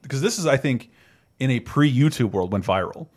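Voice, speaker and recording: A man hosting a podcast, chatting casually in an animated, profane manner and laughing often. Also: mid-range voice, normal speed. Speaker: podcast host. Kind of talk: casual chat.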